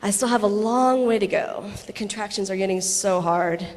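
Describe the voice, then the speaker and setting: A woman in her thirties reads a personal story aloud before a convention audience. She tells it with laughing asides and quick acted quotes. The sound rings with the long reverb of a large hall. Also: mid-range voice, darkish tone. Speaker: actress reading a personal letter on stage.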